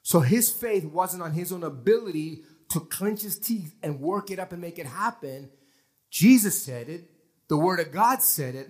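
A male pastor delivers an animated sermon in a church. His voice sits a little above the usual male pitch. He preaches with emphasis, acting out scenes and quoting scripture as he goes. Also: normal speed. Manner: animated preaching, acting out people straining to believe.

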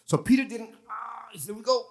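A male pastor preaching a lively sermon in a church, acting out scenes and quoting scripture. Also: extremely high pitch, moderate pace, vocal fry. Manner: animated preaching, acting out people straining to believe.

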